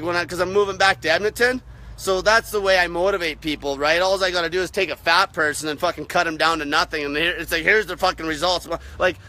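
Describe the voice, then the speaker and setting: High-pitched, pushed, and bright, the voice belongs to a young diet channel host swearing constantly as he rants to camera. His take on dieting is blunt and aggressive.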